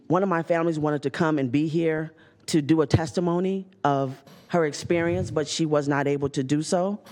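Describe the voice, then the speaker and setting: Higher-pitched man giving a report. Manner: steady reading of figures, occasional fillers. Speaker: community program presenter. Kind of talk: prepared report at a public meeting. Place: county board chamber.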